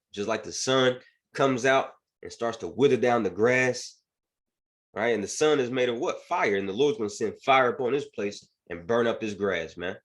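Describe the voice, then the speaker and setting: A man's voice: medium pitch, fairly bright tone. A man teaching scripture and commenting on news in an emphatic preaching manner, often asking "right?". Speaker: bible teacher.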